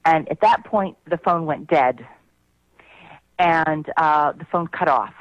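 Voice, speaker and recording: A woman guest telling an emphatic, animated story over the phone, with many restarts. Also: sits low, slow, dry recording. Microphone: telephone. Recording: muffled phone line.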